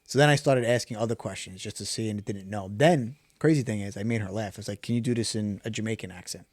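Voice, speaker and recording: A man's voice: lowish voice, fast talker, a little mellow, no room sound, studio quality. A man co-hosting a podcast, telling stories in casual chat and asking "you know what I mean". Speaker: podcast co-host.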